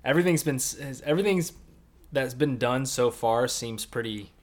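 A man's voice: medium pitch, moderate pace. A young man co-hosting a podcast, recapping an anime episode in casual, jokey chat and punching up his emphasis. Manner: animated, swings loud on emphasis, jokey. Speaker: podcast co-host.

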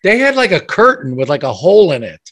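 A man's voice: a little high, very animated, a little fast, fairly bright tone, slightly rough. A man in casual podcast chat, laid-back and swearing freely as he recalls wild parties. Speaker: podcast co-host.

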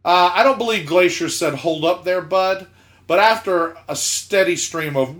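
In casual podcast chat, a co-host from South Georgia recounts a story with lots of energy, laughing mid-sentence and acting out what people said. His voice is high-pitched and he keeps a measured pace.

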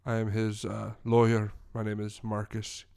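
Man, comedy podcast co-host, deadpan, gravelly, improvised banter, mock lawyer. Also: on the low side, normal speed.

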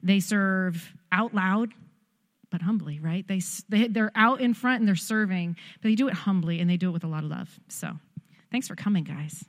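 A woman's voice: medium pitch, normal speed. Grateful woman introducing church guests. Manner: warm, grateful, casual. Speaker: church leader.

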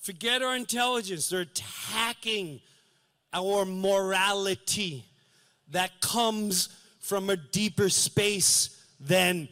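High, bright-voiced stand-up comedian. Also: male voice, slow pace. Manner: animated storytelling, acts out scenes and shouts; earnest, preachy. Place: live stage.

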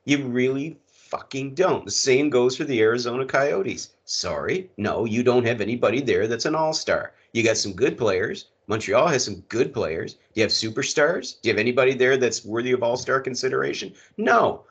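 A man's voice: medium pitch, animated, normal speed, few pauses, slightly rough. A middle-aged man co-hosting a casual hockey podcast, ranting with lots of swearing and emphatic repetition. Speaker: podcast co-host. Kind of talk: casual sports chat. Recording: muffled lo-fi sound.

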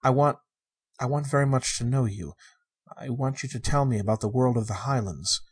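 A man reading the part of a shy, wondering sixteen-year-old girl, in a soft, earnest and innocent way. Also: mid-range voice, moderate pace, breathy edge.

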